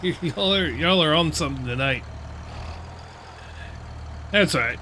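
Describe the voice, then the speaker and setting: A man's voice: on the high side, lively intonation, unhurried, long pauses, bright, forceful tone, slight background noise. A middle-aged American man hosting a livestream, ranting and swearing at his chat in casual, laughing banter. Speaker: livestream host.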